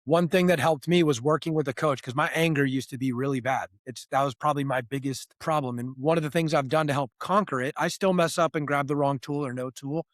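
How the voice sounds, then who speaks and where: A man's voice: a little high, brisk, hardly any pauses, dry recording, clean studio sound. A man hosting an interview, earnestly reflecting and drawing on his own experience. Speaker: host. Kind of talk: conversational interview.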